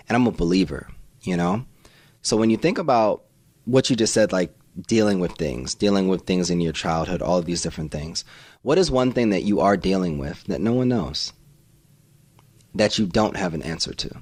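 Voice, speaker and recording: Deep-voiced man hosting an interview. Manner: reflective, asks probing personal questions. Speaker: podcast host. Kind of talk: interview conversation.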